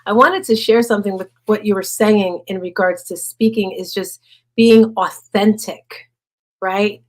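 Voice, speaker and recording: A woman hosting an online motivational session, talking fast and with energy, and she grew up in the North. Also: medium pitch. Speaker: host. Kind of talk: motivational group talk.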